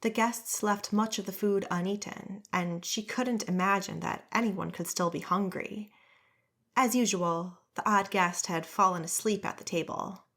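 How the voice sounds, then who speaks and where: A woman reading a fantasy audiobook in a steady, measured storytelling voice. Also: medium pitch. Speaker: audiobook narrator. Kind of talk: scripted narration.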